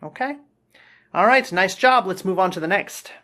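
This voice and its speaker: A man's voice: sits high, moderate pace. A man works through feedback on a student's speaking answer in an easy, explanatory way. He stops often to check in and sounds out tricky words with care. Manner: relaxed, explanatory, says okay often. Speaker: English teacher. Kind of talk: spoken feedback lesson.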